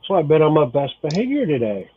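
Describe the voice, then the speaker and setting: A man's voice: fairly high pitch, wildly swooping pitch, fast talker, narrow, tinny audio, slight background noise. A man chatting casually with friends, giving short laid-back replies. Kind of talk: casual chat.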